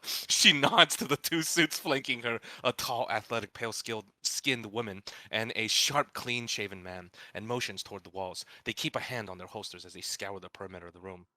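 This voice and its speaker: A man's voice: lowish voice, no room sound. A man playing a board game, chatting casually, laughing often and reading game narration aloud. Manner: animated, laughs often, reads aloud quickly.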